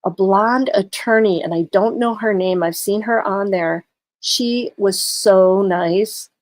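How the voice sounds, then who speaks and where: A woman's voice: medium pitch, darkish tone, no room sound. A tired woman livestreaming in casual chat, talking through a case and greeting her viewers. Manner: chatty, greets viewers, many fillers. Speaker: true crime livestreamer.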